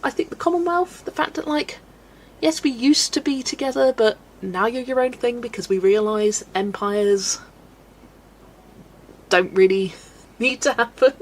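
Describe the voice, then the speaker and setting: A woman's voice: fairly high pitch, measured pace. A woman from the UK hosting a casual colouring livestream, chatting and laughing as she reads out viewer comments. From United Kingdom. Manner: chatty, rambling, laughs often, reads chat aloud. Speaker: livestream host reading chat. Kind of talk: casual chat while colouring.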